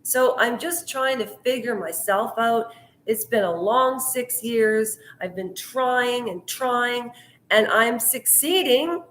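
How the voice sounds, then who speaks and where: A woman's voice: fairly high pitch, takes it slowly, a bit bright, echoey room. A middle-aged woman from Canada talking in a heated, earnest vlog monologue. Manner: heated, earnest, talks of her anger. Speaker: YouTuber.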